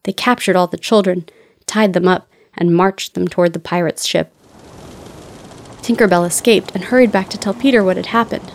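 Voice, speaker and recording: A woman narrating a children's storybook in a clear, steady storytelling voice. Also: fairly low pitch, moderate pace.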